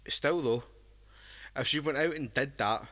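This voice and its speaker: Tipsy podcast co-host, bright and rambling, tripping over his own words. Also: medium pitch, measured pace. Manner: rambling, with many restarts. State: drunk. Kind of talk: casual podcast chat.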